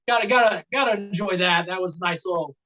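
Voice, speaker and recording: Man, relaxed rambling review, mid pitch, dull lo-fi sound. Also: fast talker. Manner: laid-back, rambling. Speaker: podcast co-host. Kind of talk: casual match review. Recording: dull lo-fi audio.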